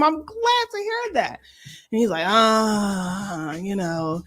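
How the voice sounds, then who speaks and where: A woman's voice: mid-range voice, slow pace. A woman co-hosting a casual chat show, telling a personal story and acting out both sides of the dialogue. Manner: animated, acts out dialogue in voices. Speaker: podcast co-host.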